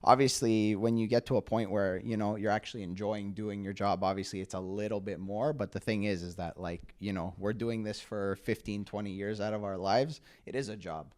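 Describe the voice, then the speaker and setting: A young man from Canada, a guest on an interview podcast, telling stories in a casual, animated way with lots of fillers. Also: on the low side, fairly quick, hardly any pauses. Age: young adult. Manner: animated storytelling with many "like" fillers. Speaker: guest, pro soccer player.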